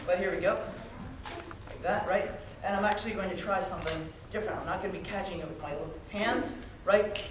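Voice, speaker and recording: At a kids' camp, a magician with a high-sitting voice speaks a little fast, joking around, talking to the children, and calling volunteers up. The audio comes from a distant mic in an echoey hall crowded with noise.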